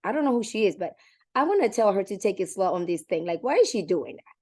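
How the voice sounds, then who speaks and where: A woman in her forties telling her own story casually, animated and chatty, acting out what she and others said. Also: mid-range voice, fast talker. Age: 40s. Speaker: community member sharing her story. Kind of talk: casual testimonial.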